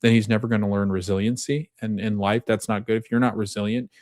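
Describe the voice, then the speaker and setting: A man's voice: lowish voice, fast, dry recording, studio quality. Chatty man recapping a show. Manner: animated retelling with fillers and laughter. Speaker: podcast host recapping a TV episode. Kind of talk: casual recap chat.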